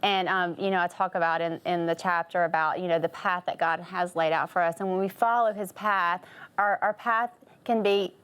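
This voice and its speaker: A woman's voice: fairly low pitch, steady tone, normal speed, fairly bright tone, clean tone. A woman sits as a talk show guest and spins a personal story in an easy, chatty way. She laughs often and keeps going through ums and restarts. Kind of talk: anecdotal storytelling.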